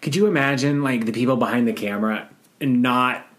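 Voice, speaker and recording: A podcast co-host riffing on a bad movie in casual chat, animated and mocking, acting out quotes in silly voices. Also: mid-range voice, brisk.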